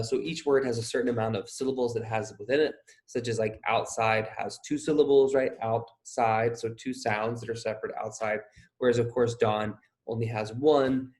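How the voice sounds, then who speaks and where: A man's voice: mid-range voice, darkish tone. A man, possibly a young adult, gives a recorded lecture on poetry, thinking aloud in a loose way with many fillers and restarts. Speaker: teacher.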